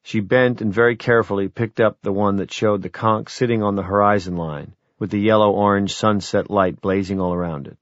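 Brief: middle-aged male audiobook narrator, low reflective voice, dry booth sound. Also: fairly even intonation, dry recording, highs cut off. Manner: measured, reflective first-person storytelling. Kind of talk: scripted narration.

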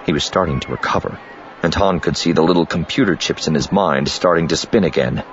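Deep-voiced male audiobook narrator. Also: brisk, muffled recording, a little hiss or hum. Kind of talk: scripted narration.

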